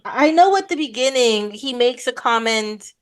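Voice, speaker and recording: A woman's voice: a little high, animated, moderate pace. A woman hosting a casual film podcast, chatty and apologetic, steering the conversation between guests. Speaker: podcast host. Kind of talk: casual film discussion chat.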